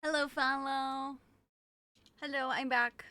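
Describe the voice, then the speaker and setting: A woman's voice: sits high, little pitch movement, slow, pushed and bright, no room sound. A woman streamer chatting casually with her viewers, playful and teasing as she reads their messages aloud.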